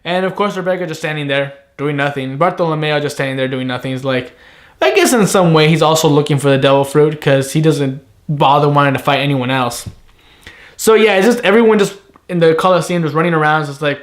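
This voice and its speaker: A man giving a casual, rambling anime episode review, animated and profane. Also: fairly high pitch, a little fast.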